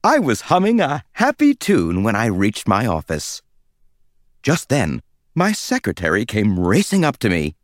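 Guy reading a kids storybook, slow and playful, voice bouncing all over, dry close sound. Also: on the low side, no room sound. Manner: playful, expressive first-person telling. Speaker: audiobook narrator. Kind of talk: children's storybook narration.

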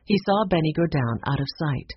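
A woman narrating a children's chapter book in a measured storytelling way. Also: low-pitched, animated, breathy edge, no echo. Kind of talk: audiobook narration. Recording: dull lo-fi sound.

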